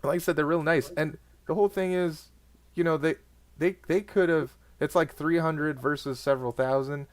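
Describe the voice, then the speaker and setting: A man's voice: fairly high pitch, fairly even intonation, moderate pace. A man telling a rambling story in casual chat, full of fillers and restarts.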